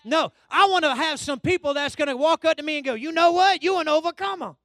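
A man preaching a sermon, calling out to his congregation and swinging from low asides to loud shouts. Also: fast talker, no room sound. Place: church hall.

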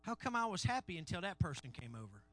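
A male pastor preaching a sermon in call-and-response style, swinging between loud shouts and low murmurs. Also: sing-song, fast, faint music behind.

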